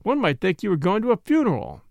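A cheerful young man in a storybook coaxes his sweetheart along, teasing her, as a narrator voices him, in a fairly high, lively voice. The reading is close and dry. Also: fast, vocal fry, no room sound, full character voice. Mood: coaxing. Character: cheerful young man eloping, eager and coaxing.

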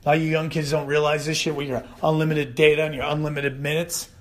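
A man doing a stand-up monologue, animated and loose, swearing casually and acting out shouted bits. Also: a little high, fast talker. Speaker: stand-up comedian.

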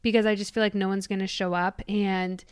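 A woman's voice: mid-range voice, level tone, brisk, smooth, no echo, studio quality. A young woman in her twenties hosting her own podcast, chatting casually in a bubbly, gushing way with lots of "like"s. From Michigan. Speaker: podcast host. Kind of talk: casual solo podcast chat.

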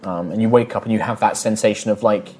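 Slow, low-voiced male game master. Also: fairly even intonation, darkish tone, soft background music. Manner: slow, hesitant descriptive narration with fillers. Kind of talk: narrating a tabletop game.

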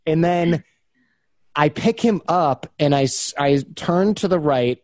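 A man's voice: on the high side, unhurried, darkish tone, no echo. A man in his thirties, a podcast guest, telling a casual story and acting out the quotes.

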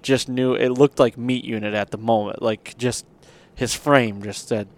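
A man's voice: medium pitch, fairly even intonation, measured pace. Guy telling a hunting story, rambly, casual, lots of fillers. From Michigan. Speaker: podcast host.

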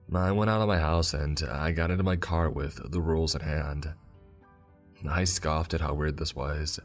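Deep voiced guy telling a creepy first-person story, calm and steady, faint music under it. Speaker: horror story narrator and podcast host.

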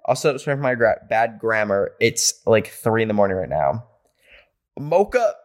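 A man hosting a podcast, reading listener stories aloud and reacting playfully with animated asides. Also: on the low side, brisk. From rural area. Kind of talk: casual podcast chat.

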